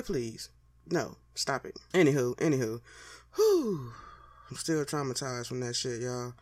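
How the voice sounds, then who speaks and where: A woman telling a raunchy personal story in a casual monologue, talking in a loose, slangy, heavily profane way and pausing to smoke partway through. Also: low-pitched. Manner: pauses to smoke mid-story.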